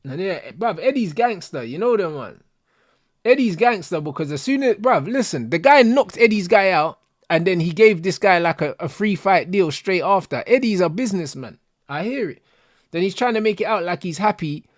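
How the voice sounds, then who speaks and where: A man's voice: high-pitched, no echo, clean studio sound. A young man, chatting casually and animatedly in heavy slang as a stream host. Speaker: host of a football watch-along stream.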